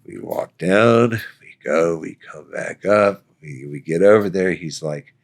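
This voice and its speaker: A deep-voiced man with a gravelly rasp in his low register tells a story. He jumps between himself and the others in it, playing out their dialogue with laughter breaking in. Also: unhurried. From Florida, United States. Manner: animated storyteller acting out quoted dialogue, laughs often. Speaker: guest, Army veteran. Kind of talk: casual storytelling.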